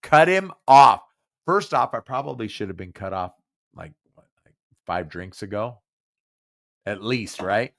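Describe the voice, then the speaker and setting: Slurring and clearly drunk, a podcast host talks casually on a live show in a lowish, creaky, expressive voice, unhurried and with long pauses. He wanders off topic and trips over repeated words.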